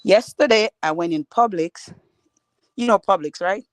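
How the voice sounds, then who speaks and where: A woman's voice: medium pitch, moderate pace, no echo. A woman in her thirties, a mother, retelling an everyday story in a plain, matter-of-fact way with simple, grammar. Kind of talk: casual storytelling.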